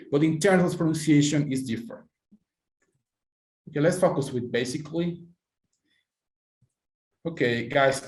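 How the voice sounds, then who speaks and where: A man's voice: fairly high pitch, a little mellow. Man teaching pronunciation in an echoey room. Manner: patient, encouraging, calls on students by name. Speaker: English teacher. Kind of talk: online pronunciation class. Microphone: computer mic on a video call.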